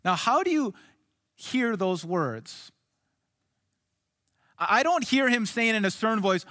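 High-voiced pastor in an echoing hall. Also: male voice, expressive, unhurried, long pauses. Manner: earnest, swings between soft hushed lines and raised emphatic ones. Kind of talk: sermon.

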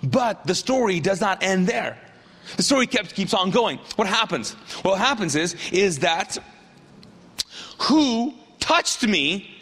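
A man preaching a sermon in an animated way, acting out the people in his story with jokey asides. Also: sits high, moderate pace, husky. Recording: long hall reverb.

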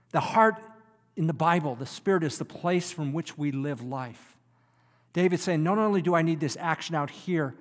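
Pastor, male, sermon delivery, slightly high voice, from booming emphasis to hushed quiet, long hall reverb. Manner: wide swings from loud emphatic preaching to near-whispered quiet.

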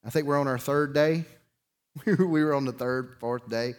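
A middle-aged man, preaching a sermon through a folksy personal story, swinging between loud bursts and quiet emphasis. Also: medium pitch, unhurried. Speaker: pastor.

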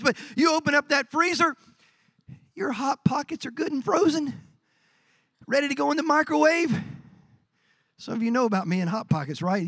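A man preaching a sermon as pastor, building to drawn-out shouted emphasis. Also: very high voice, no echo.

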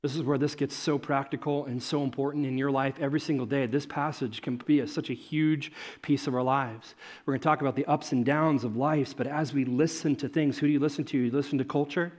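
Animated male pastor preaching. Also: on the high side. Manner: animated, swings from loud excitement to soft hushed tones; acts out characters in quick asides. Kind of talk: sermon.

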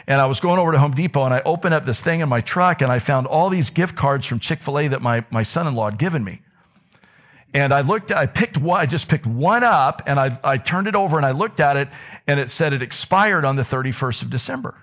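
Animated pastor. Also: male voice, fairly quick. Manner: animated storytelling, voice rising high when excited. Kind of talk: sermon.

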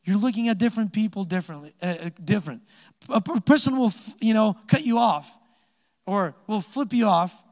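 A man's voice: high-pitched, animated, brisk, a little mellow. A man giving a casual, chatty sermon, asking the congregation questions and joking between points. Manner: chatty, joking asides with laughs, rhetorical questions. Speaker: pastor. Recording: long hall reverb.

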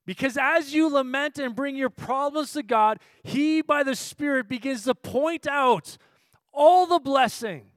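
High-voiced preaching man, dry sound. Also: dry recording. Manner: swings from low, quiet teaching to loud, impassioned preaching; asks the audience questions. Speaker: pastor. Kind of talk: sermon.

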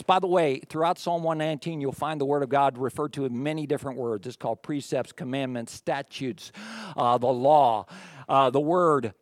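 A man preaching a sermon in a relaxed, conversational way, with frequent fillers and occasional laughs. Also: medium pitch, fairly quick, no echo, studio quality. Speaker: pastor.

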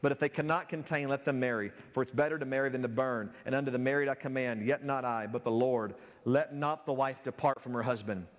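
A man's voice: mid-range voice, fairly even intonation, fairly quick, few pauses, long reverb tail. A man preaching a sermon as a pastor, reading scripture aloud and building in intensity.

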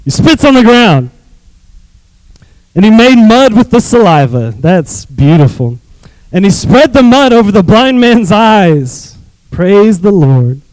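A man preaching as a youth pastor, reading scripture with animated asides and calling on the congregation to repeat phrases. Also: sits high, takes it slowly, no echo, low-quality recording.

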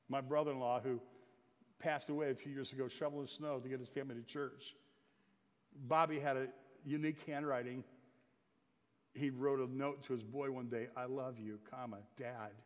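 A man preaching a sermon in earnest, building louder and higher at the climaxes. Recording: long hall reverb.

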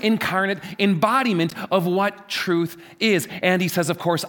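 A man preaching a sermon from a church stage, emphatic and repetitive, swinging between loud stresses and quiet asides. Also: normal speed, hardly any pauses. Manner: emphatic, repeats phrases, wide swings in pitch and loudness. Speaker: pastor.

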